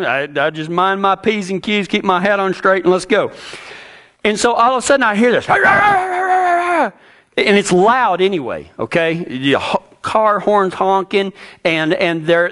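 Folksy storytelling preacher man. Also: fairly bright tone. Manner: folksy, storytelling, with many restarts and wide swings of pitch. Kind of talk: sermon with personal story.

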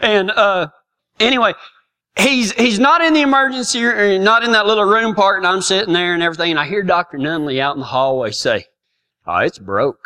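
A man's voice: high-pitched, brisk, bright, forceful tone, smooth. A middle-aged man telling a comic personal story in a folksy, self-mocking way, laughing often. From Texas.

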